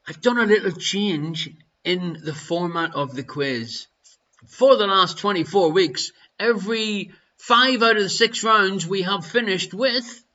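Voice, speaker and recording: High, bright Irish quiz host. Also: male voice, dull audio. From Ireland. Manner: jokey, teasing banter with viewers in the chat. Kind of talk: live-streamed pub quiz hosting. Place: his home. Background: faint music.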